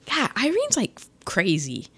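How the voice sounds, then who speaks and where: A woman's voice: mid-range voice, a little slow, breathy edge. A woman chatting casually as she retells a film's plot, acting out the lines with laughter. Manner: animated, acts out quotes with laughs. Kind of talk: casual chat retelling a film.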